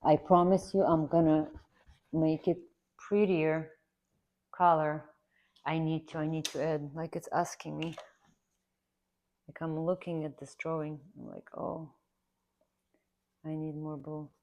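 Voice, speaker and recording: Low-voiced woman chatting while she draws. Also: little pitch movement, measured pace, pauses often, darkish tone, highs cut off. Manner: rambling, earnest, repeats herself for emphasis. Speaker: art instructor. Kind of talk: casual chatty tutorial while drawing.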